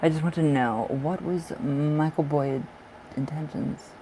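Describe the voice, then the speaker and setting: A man's voice: a little high, fairly even intonation, measured pace, dark tone, a little hiss or hum, rough recording. Effusive man reading tarot on a live stream. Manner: chatty, effusive, laughs often, calls viewers darling and love. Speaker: livestream tarot reader. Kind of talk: casual live-stream chat.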